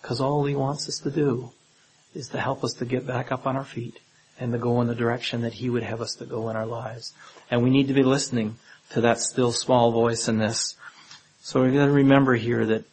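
A man's voice: mid-range voice, a little hiss or hum, rough recording. A man preaching a sermon in a conversational way, often turning statements into questions for his listeners.

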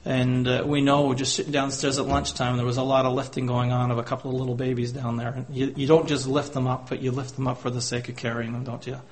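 A man's voice: medium pitch, level tone, fast talker, hardly any pauses. A man preaching a sermon in earnest tones, often closing his points with tag questions and quoting scripture in old-fashioned wording. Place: church gathering.

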